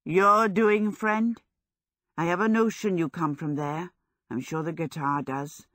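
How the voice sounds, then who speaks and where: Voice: mid-range voice, fairly even intonation, unhurried, fairly bright tone, no echo, clean studio sound, natural voice. A woman voicing a moody young male wizard who teases and scolds, in a storybook reading. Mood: exasperated.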